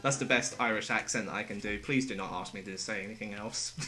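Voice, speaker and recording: A man's voice: fairly low pitch, moderate pace, music in the background. A man chatting casually with his viewers while gaming live, joking and laughing often. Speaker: streamer.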